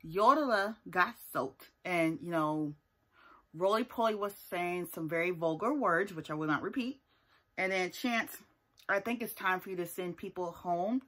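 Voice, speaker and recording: A woman's voice: on the low side, a little slow, a bit bright. A woman giving a casual, sassy recap of a reality TV episode, driving her points home with emphatic asides. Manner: sassy and emphatic, often tags points with "okay?". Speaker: TV show reviewer.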